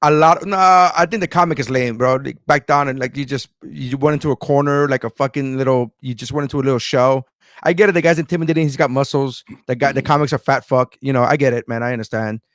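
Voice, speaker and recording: A man's voice: mid-range voice, fast talker, fairly bright tone, dry recording. Blunt male comedian, dry close sound. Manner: blunt, profane, opinionated. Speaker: comedian and podcast co-host. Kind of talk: casual chat.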